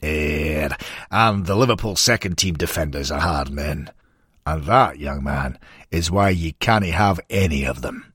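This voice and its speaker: A man voicing a warm, humorous older Scottish football manager, with a Scottish burr and fatherly drawn-out "eh"s in an audiobook. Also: extremely low pitch, husky, no room sound, studio quality, full character voice. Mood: warm teasing.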